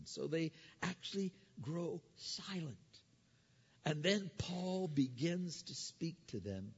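Male pastor, sermon, fairly high voice, lively retelling, stumbles and repeats words, dull lo-fi sound, long hall reverb. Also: slow pace, slightly rough. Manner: animated storytelling, stumbling repeats. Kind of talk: sermon retelling a Bible story.

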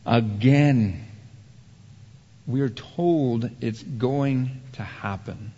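A man's voice: medium pitch, drawn-out words, long pauses, husky. Preaching man in an echoing hall. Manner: dramatic preaching, rising to heated emphasis and dropping to hushed. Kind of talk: sermon. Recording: dull muffled sound with long hall reverb.

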